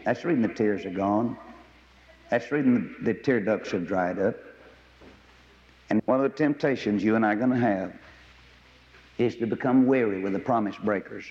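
Folksy preacher in a reverberant hall. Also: male voice. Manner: folksy storytelling, with sudden high excited bursts. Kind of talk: sermon. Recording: dull lo-fi audio with long hall reverb.

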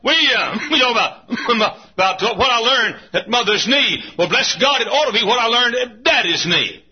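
A man preaching a sermon in a church, folksy, swinging from low asides to shouts. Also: expressive, normal speed, slightly rough. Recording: muffled lo-fi recording.

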